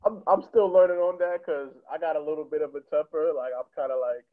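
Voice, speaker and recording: A young man from Connecticut tells comedy-club stories in a rapid, animated and profane way, laughing along as he goes. His voice sits a little high for a man. He comes through a narrow, tinny line that sounds like a phone call. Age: young adult. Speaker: stand-up comedian, podcast guest. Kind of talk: casual storytelling.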